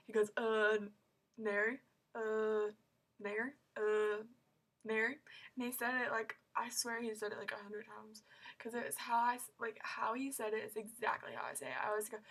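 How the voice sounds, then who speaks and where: A woman's voice: fairly high pitch, fairly bright tone, slightly rough. A teenage girl telling a story in a vlog, gushing and rambling with many fillers and squealing when she quotes herself. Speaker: vlogger.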